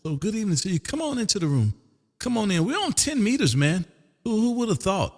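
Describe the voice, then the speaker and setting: This Texas ham radio operator and stream host sounds high-pitched, gravelly, a little mellow, and very animated, talking at a quick pace with a long reverb tail. His casual on-air chat is drawling and repetitive, with his call sign recurring and "man" in almost every line.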